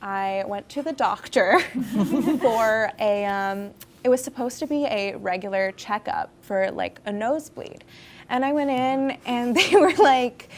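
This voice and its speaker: A woman's voice: fairly high pitch, measured pace, slight background noise. A woman in her twenties, a festival founder, telling stories in a casual interview with many fillers and frequent laughter. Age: 20s. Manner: chatty storyteller, laughs often, many fillers.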